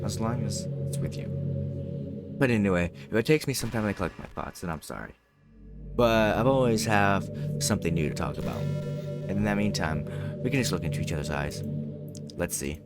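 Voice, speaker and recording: A man putting on a lovestruck, possessive teenage girl from a visual novel, teasing one moment and anguished the next. She is read aloud over loud game music, with a voice that sits a little low. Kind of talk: reading a game character's lines aloud.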